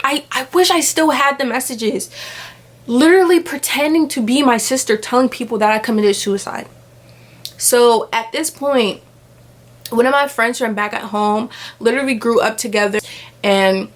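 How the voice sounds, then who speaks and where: Young woman vlogger, casual storytime, acts out the voices in her story. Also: fairly high pitch. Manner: animated retelling, acts out quoted voices, filler "like" often.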